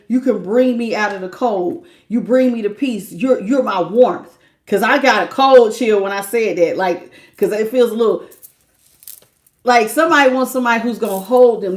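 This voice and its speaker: A woman giving a live tarot reading, talking casually to her viewers, laughing often and calling them baby. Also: a little high. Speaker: tarot reader.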